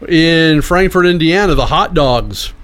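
A man's voice: a little high, expressive, unhurried, a bit bright. A man co-hosting a podcast, reading out a list in a casual chat with amused disbelief. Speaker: podcast co-host.

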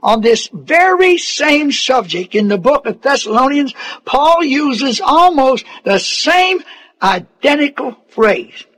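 A male preacher with a very high voice delivers a sermon at an unhurried, drawn-out pace. He speaks deliberately and presses each point with repetition and pointed rhetorical questions. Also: sing-song, fairly bright tone.

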